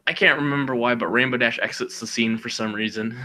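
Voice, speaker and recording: Bright-voiced rambling man on a podcast. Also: mid-range voice, steady tone, fast talker, slight background noise. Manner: rambling, full of "you know" and "like", acts out characters' lines. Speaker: podcast co-host. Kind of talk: casual chat, retelling a story.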